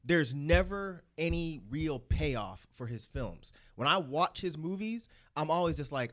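A middle-aged man ranting in a casual group podcast chat, profane and animated. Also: a little high, moderate pace, hardly any pauses. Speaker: podcast co-host.

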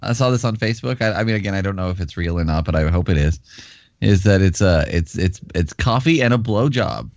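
A man on a podcast, telling a story in a halting, teasing way. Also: sits low, animated, darkish tone, dry recording, muffled recording. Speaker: podcast co-host. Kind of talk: casual chat.

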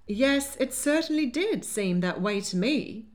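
A woman voicing a spirited young lady who answers in a crisp, indignant way. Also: fairly high pitch, expressive, measured pace, pitched above the performer's own voice. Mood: defiant.

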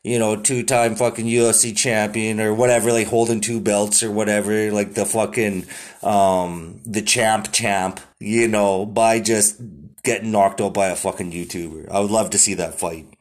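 A man's voice: on the low side, little pitch movement, normal speed. A young adult man hosting a podcast, chatting casually about the news with constant swearing and lots of "like" fillers. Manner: profane, rambling, heavy "like" fillers. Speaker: podcast host. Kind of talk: casual news-commentary chat.

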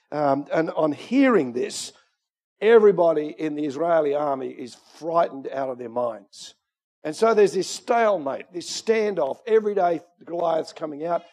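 A man preaching a sermon in a relaxed, conversational way, often restarting his phrases. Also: sits high. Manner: conversational, with many restarts and fillers.

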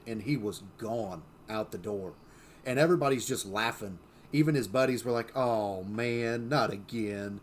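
A man of middle pitch co-hosts a casual podcast conversation. He tells stories loosely, full of "uh"s, "you know"s and restarts. A faint hiss sits under the recording. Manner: storytelling, many fillers and restarts. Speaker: podcast co-host. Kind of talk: casual chat.

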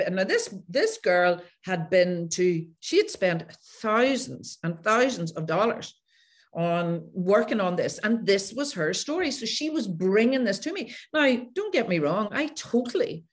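Lively storytelling woman, lowish voice. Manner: animated, acts out past conversations. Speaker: guest, coach who works with clients. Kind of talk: podcast interview storytelling.

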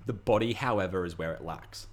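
A young man, co-hosting a casual chat and ranting freely with swearing and animated asides. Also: low voice, fairly quick. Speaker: podcast co-host.

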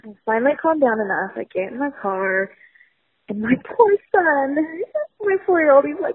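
A woman in her thirties leaves a rambling, frantic voicemail story. Her voice is a little high and breathy. It comes through a tinny, dry phone line. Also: lively intonation, moderate pace. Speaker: voicemail caller.

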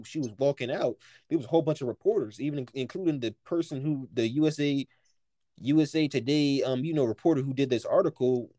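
A man co-hosting a casual podcast, reading a news article aloud in a halting way full of filler words. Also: mid-range voice, warm tone, no echo.

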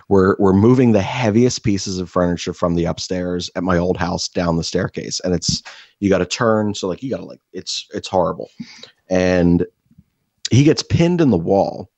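Deep-voiced young man, swearing storyteller. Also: moderate pace, darkish tone, dry recording. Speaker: podcast co-host. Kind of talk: casual podcast chat.

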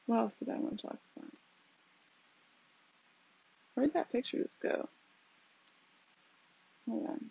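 Her voice is a little high, slow and creaky, mellow with a breathy edge, and she pauses often. A young adult podcast host, she rambles chattily with plenty of fillers and laughs at herself on a dull lo-fi home recording.

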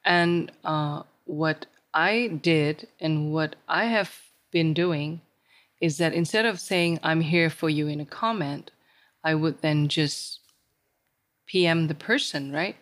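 A woman's voice: low voice, slow. A woman in a casual podcast conversation, telling stories and livening up when she quotes other people. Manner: storytelling, animated when quoting others.

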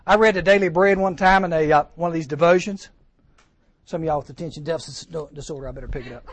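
A man preaching a sermon to teens, lively and joking, acting out voices and asking the crowd questions. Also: a little high, fast. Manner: lively, acts out voices, jokes, rhetorical questions. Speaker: camp speaker.

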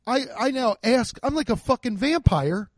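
A man doing a casual comedic rant, profane and excitable, acting out the voices of people he quotes, on a handheld mic. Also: very high-pitched, moderate pace, no echo. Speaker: stand-up comedian. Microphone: handheld microphone.

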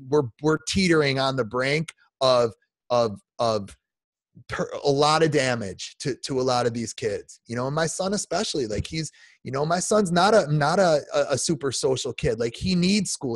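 A man's voice: fairly high pitch, no room sound. A man in his forties, a podcast guest delivering an emotional, heartfelt rant full of restarts. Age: 40s. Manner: emotional, repetitive restarts, says "man" often.

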